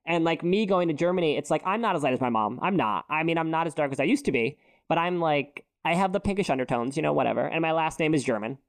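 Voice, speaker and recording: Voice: medium pitch, lively intonation, quick pace. A non-binary co-host in loose, casual podcast chat. They ramble through stories and scatter "like" as they go. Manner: rambling storyteller, heavy use of "like". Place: podcast recording.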